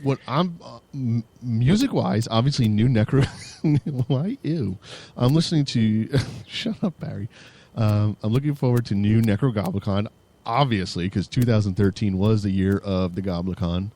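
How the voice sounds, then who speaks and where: A man's voice: fairly low pitch, normal speed, dark tone. A tired man co-hosting a casual podcast, goofy and swearing freely, slipping into mock DJ voices. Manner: goofy, jumps into mock radio-DJ and metalhead voices; swears freely, laughs a lot. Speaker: podcast co-host. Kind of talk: casual banter.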